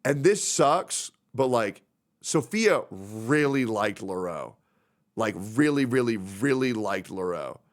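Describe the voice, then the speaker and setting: A man's voice: on the low side, sing-song, takes it slowly. A man streaming live who rambles, swears freely and gets openly emotional while reading out messages from friends. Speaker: livestreamer. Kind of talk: casual stream chat.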